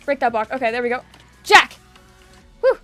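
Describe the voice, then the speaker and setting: A young woman giving excitable gameplay commentary, cheering and shrieking as she plays. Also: high-pitched, moderate pace, faint music behind. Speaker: gaming YouTuber.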